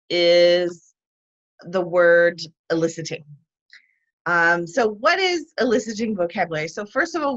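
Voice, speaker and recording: A woman instructor giving a demo lesson on teaching vocabulary, explaining each step clearly and patiently. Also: medium pitch, a bit bright, muffled recording. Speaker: TESOL instructor.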